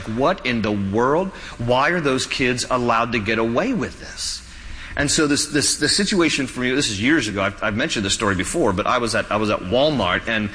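A man's voice: high voice, sharp tone, in a large hall, rough recording. A man preaching a sermon as pastor, folksy and joking, often restarting his sentences.

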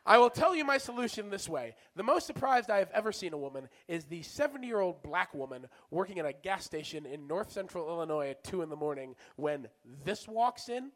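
Animated stand-up man with bright voice. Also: high-pitched, a little fast, hardly any pauses. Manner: animated, exasperated storytelling. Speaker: stand-up comedian. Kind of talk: stand-up storytelling.

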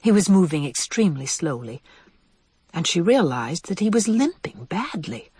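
A reader narrating a children's animal story in an expressive storytelling manner. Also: normal speed, breathy edge, no room sound. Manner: expressive, varied pitch.

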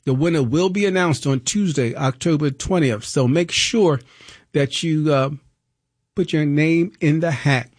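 A man with a New York accent talks with a fairly high voice, upbeat and chatty as he hosts a fundraising radio show. The sound is close and dry, with no room around it. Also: measured pace, no echo. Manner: chatty, upbeat, repeats phone number. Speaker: radio host. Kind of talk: pledge drive radio chat.

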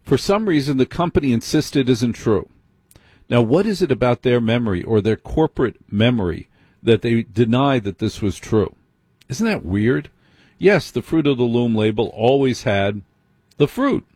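A man's voice: medium pitch, expressive, moderate pace, a little mellow, slightly rough, no echo. A man hosting a late-night call-in radio show, teasing his callers bluntly.

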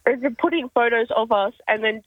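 A woman's voice: fairly high pitch, fairly even intonation, fairly quick, no echo, phone-quality sound. A woman calling in to a radio show, telling her story hesitantly with giggles. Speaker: caller. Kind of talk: radio call-in chat.

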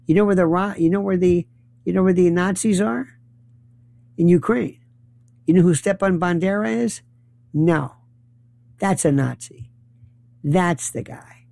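Slightly slow and a little mellow, this high-pitched man speaks with vocal fry and frequent pauses, with no echo. He fires off rhetorical questions in a heated political monologue, rambling as he gropes for names.

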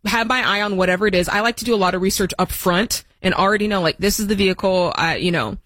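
A woman's voice: mid-range voice, fast, fairly bright tone, no room sound. Practical woman co-host giving advice. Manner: practical, step-by-step advice giver. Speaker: co-host of a call-in money show. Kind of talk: casual radio advice chat.

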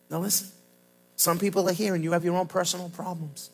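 A man preaching a sermon as pastor, swinging between loud shouted points and low, quiet asides. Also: fairly even intonation, normal speed, slightly rough, poor audio.

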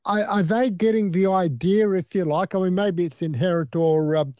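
A man's voice: high voice, steady tone, moderate pace, darkish tone, dry recording, clean studio sound. A man hosting a radio interview, asking questions hesitantly with many fillers. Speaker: radio host.

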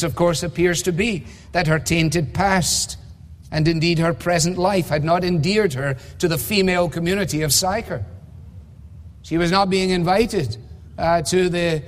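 A man preaching an expository sermon in a measured, emphatic way, often asking rhetorical questions. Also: a little high. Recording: long reverb of a large hall.

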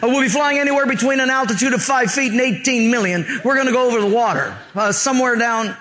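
A man's voice: very high-pitched, fast talker, voice pushed up. A man playing a bumbling, confused airline captain who rambles over the intercom. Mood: clueless. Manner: rambling, clueless, shouting.

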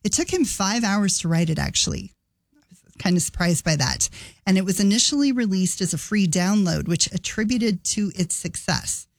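A woman radio DJ talking casually on air, chatty and relaxed as she announces a giveaway. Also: mid-range voice, normal speed, dry recording. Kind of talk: radio DJ talk. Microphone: studio microphone.

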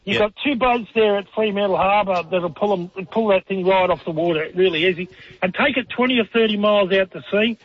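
A man calling in to a radio show, giving halting, rambling explanations. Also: high voice, husky. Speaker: caller. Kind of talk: radio call-in. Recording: muffled radio call audio.

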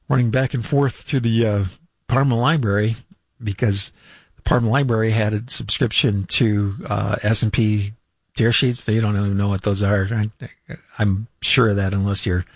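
Husky older man hosting finance radio. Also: lowish voice, fairly even intonation, moderate pace, no echo. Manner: rambling, chuckles, many fillers and restarts. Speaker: radio finance show host. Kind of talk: casual unscripted radio talk. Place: radio studio.

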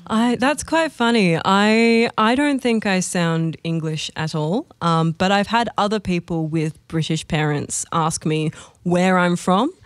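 A woman's voice: fairly low pitch, measured pace, hardly any pauses, dry recording, studio quality. A young woman, a singer chatting as an interview guest and laughing between phrases. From Australia. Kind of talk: casual interview chat.

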